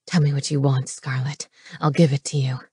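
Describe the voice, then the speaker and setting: A woman voicing a tender, teasing adult man in an audiobook, speaking low and hushed. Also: flat delivery, moderate pace, husky, no echo, clean studio sound, full character voice. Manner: low, hushed and soft-spoken.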